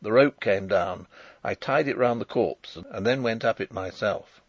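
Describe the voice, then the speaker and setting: Gravelly man narrating an audiobook. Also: on the low side, dry recording. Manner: measured, dramatic storytelling. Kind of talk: first-person audiobook narration.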